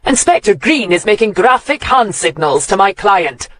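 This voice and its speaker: A man voicing an indignant female solicitor with a thick Scottish accent, shrill and prim, in an audiobook. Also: big pitch swings, normal speed, a bit bright, a little hiss or hum. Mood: screeching. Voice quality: shrill, screechy. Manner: prim and outraged. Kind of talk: audiobook character voice.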